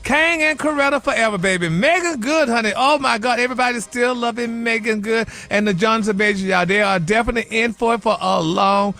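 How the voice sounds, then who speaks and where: A man's voice: extremely high pitch, brisk, creaky, hardly any pauses, sharp tone, soft background music. A man delivering a sassy, flamboyant celebrity gossip segment on morning radio, calling everyone honey and baby.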